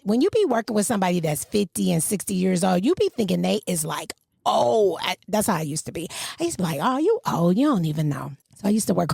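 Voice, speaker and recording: A woman, co-hosting a podcast in casual chat and telling stories with swooping pitch. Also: creaky, slightly rough, dry recording, studio quality. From Michigan. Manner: animated storyteller, swooping pitch. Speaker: podcast co-host.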